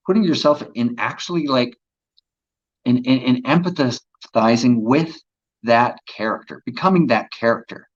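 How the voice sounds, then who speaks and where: A man's voice: mid-range voice, fairly bright tone, muffled recording. A man, an actor as an interview guest, telling earnest, reflective stories about his craft. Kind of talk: casual interview chat.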